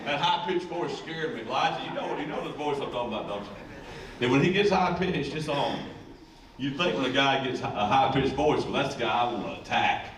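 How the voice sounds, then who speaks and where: A man, a high school football coach giving a rambling, joking ceremony speech. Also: a little fast. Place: school event room. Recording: echoey room, distant mic, faint noise.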